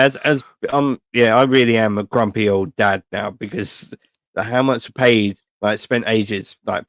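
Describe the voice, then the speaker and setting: A man's voice: fairly low pitch, dry recording. Man, thirties, sweary storyteller, dry close sound. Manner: swears a lot, rambling and animated storytelling. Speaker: podcast co-host. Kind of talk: casual chat.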